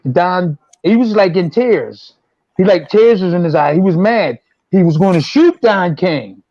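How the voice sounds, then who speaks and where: A man's voice: sits high, expressive, a little slow, dark tone, no room sound. A man in his sixties, a former boxer, telling long rambling stories and repeating himself as he acts out quotes. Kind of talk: casual storytelling. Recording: dull, dry lo-fi sound.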